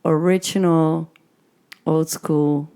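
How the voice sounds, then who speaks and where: Hoarse low-voiced woman guest, gravelly. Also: fairly even intonation, takes it slowly, mellow. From Netherlands. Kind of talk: casual interview chat.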